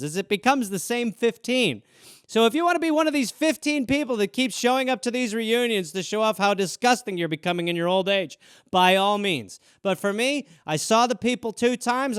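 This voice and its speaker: Profane high-voiced man riffing. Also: a bit bright, smooth, no echo, clean studio sound. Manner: profane, rambling, acts out inner voices. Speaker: podcast host. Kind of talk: casual solo riffing.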